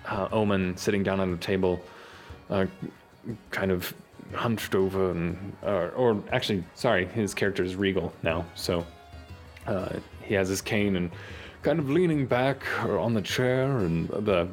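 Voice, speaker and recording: A man narrating as game master of a tabletop game, lively and halting, with many fillers. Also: deep voice, soft background music.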